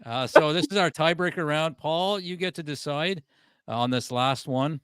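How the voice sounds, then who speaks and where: A man with a smooth, clear voice, recorded dry and close. He moderates a mock debate in a laid-back, easygoing way, calling time and verdicts. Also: on the high side, normal speed, a bit bright, no echo. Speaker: podcast host, debate moderator. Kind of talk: casual comedy podcast hosting.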